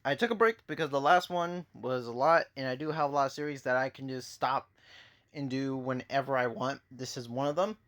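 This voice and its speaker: A man's voice: mid-range voice, brisk, a bit bright. Chatty guy introducing his own story series, rambling, hesitant, lots of restarts, talking from his bed at home. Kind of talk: casual vlog chat.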